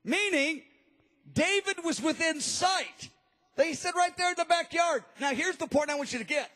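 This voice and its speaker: A man preaching a sermon, telling the story in an animated, emphatic way. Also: extremely high pitch, moderate pace. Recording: long reverb of a large hall.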